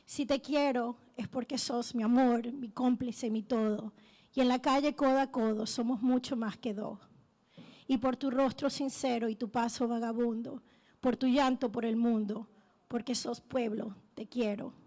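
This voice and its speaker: A woman reciting a love poem with steady rhythm at a poetry night. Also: a little high, normal speed. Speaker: poet performing at a poetry night.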